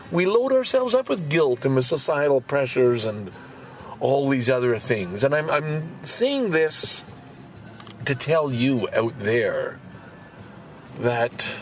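Man, 65, podcast host; candid swearing monologue with a wide pitch swing, soft music underneath. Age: 60s. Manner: animated, swinging from low musing to loud outbursts; swears casually, repeats words when pushing a point. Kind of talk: casual monologue.

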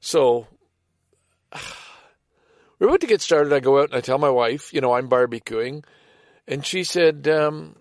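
A middle-aged man telling a casual personal anecdote in a rambling, halting way, with sighs and restarts. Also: medium pitch, lively intonation, no room sound, studio quality. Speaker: storyteller.

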